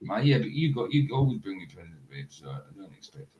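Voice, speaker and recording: A man's voice: on the low side, very animated, fast talker, dull audio, crowd noise. A man hosting a livestream in casual chat, joking, laughing often and losing track of his sentences. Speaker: livestream host.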